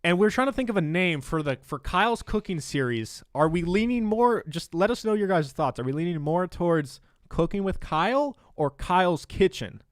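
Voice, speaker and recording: A man's voice: sits high, animated, normal speed, few pauses, dry recording. Chatty young man, dry close sound. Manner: chatty, giggly, rambling announcements. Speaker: podcast co-host. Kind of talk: casual podcast chat.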